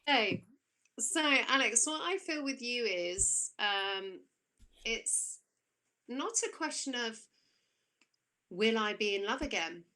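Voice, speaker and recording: A woman gives encouraging, emphatic coaching on a live-streamed spiritual show, repeating her key phrases. Her voice is bright and a little high. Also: animated, slow pace, pauses often. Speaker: intuitive coach, co-host.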